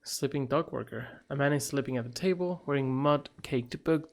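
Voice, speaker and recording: A man's voice: medium pitch, normal speed. A man streaming a game, chatting casually, laughing and reading game text aloud. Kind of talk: casual gameplay commentary.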